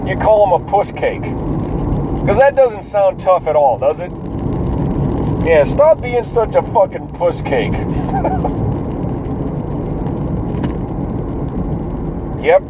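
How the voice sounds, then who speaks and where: A man's voice: sits high, muffled recording. Profane, rambling man over road noise. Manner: profane, rambling, self-amused. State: drowsy, yawning. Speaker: vlogger musing while driving. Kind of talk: casual rambling monologue. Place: in a car, driving. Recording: loud car road noise.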